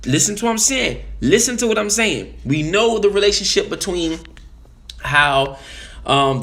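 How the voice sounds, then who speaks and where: A man's voice: medium pitch, a bit bright. A man giving a casual political monologue, emphatic, often repeating and restarting phrases. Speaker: commentator.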